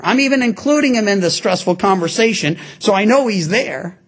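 A man preaching a sermon to his congregation, animated and acting out the voices of people in the stories he tells. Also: sits high, fairly quick, few pauses. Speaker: pastor. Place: church before a congregation.

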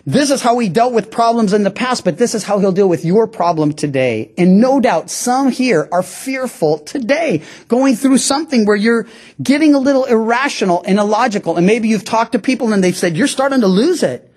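A man's voice: sits high, moderate pace. A middle-aged male pastor giving a conversational sermon, acting out the quotes he tells. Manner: conversational, animated, acts out quotes.

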